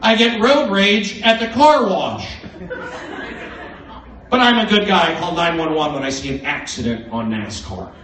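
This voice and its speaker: Manic comedian, distant roomy club recording. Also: male voice, a little high, expressive, unhurried, noisy background. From American Southwest. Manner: manic, erratic delivery with sudden loud outbursts. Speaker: stand-up comedian. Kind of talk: stand-up comedy set. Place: comedy club main room. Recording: roomy, distant livestream audio with crowd laughter.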